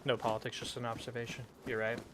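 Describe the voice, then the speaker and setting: A man chats casually while streaming a game, rambling and poking fun at himself. He often drops into mumbled asides in a mid-range voice. Steady background noise sits behind him. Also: mid-range voice, fast. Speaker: streamer playing a role-play game. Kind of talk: casual gaming chat. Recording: noisy background.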